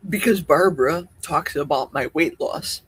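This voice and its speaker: A woman hosting a casual live Q&A stream, chatting in a rambling, animated way. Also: deep voice, moderate pace, breathy edge. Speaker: livestream host. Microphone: livestream setup.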